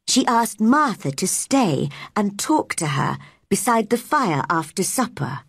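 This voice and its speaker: Slow, husky woman reading a story. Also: medium pitch, big pitch swings, no room sound, clean studio sound. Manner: clear, careful storytelling. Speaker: narrator.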